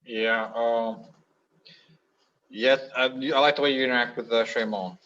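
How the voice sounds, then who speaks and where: A man calling into a live stream, speaking slowly and earnestly with some hesitation. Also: medium pitch, fairly even intonation, fairly bright tone, slight background noise. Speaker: caller. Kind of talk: casual call-in comment. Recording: dull lo-fi call audio.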